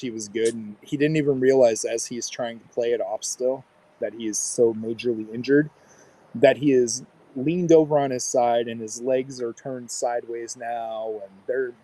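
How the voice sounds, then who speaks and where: The podcast co-host, a man in his thirties, tells an animated story in casual conversation and plays out what others said. His medium-pitched voice moves at a moderate pace, recorded without echo.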